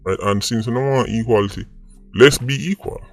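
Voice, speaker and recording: A man's voice: medium pitch, brisk, soft background music. A Jamaican man hosting an opinion vlog, arguing his point and tagging rhetorical "right?" onto his sentences. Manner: argumentative, rhetorical "right?" asides. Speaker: vlog host. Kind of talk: opinion commentary.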